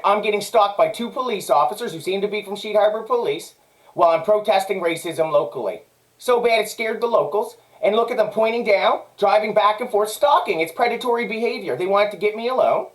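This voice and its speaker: A man's voice: high voice, expressive, brisk, low-quality recording. A man with a Canadian accent delivering an angry, profane personal monologue, agitated and repetitive. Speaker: vlogger.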